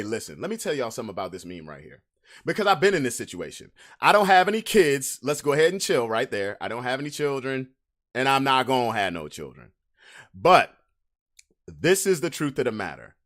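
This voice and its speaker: A man hosting a casual livestream podcast, reading memes to his chat with drawn-out emphatic delivery, loose slang. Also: medium pitch, a bit bright.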